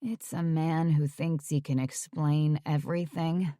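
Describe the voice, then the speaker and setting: A woman's voice: fairly even intonation, measured pace, mellow, no echo, clean studio sound. Woman voicing a hungover, mumbling young actress. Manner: low, mumbling.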